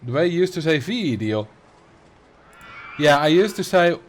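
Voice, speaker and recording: A man's voice: on the high side, lively intonation, measured pace, pauses often, slight background noise. A man with a Dutch accent whose first language is Dutch, chatting casually on a game livestream and replying to chat, laughing easily and often restarting his sentences. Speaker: game streamer.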